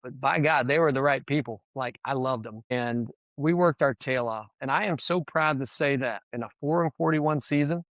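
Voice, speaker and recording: A man's voice: medium pitch, normal speed, few pauses, no echo, muffled recording. A man, a former college baseball head coach, telling stories in a podcast interview in an earnest, emotional way, often repeating words as he goes.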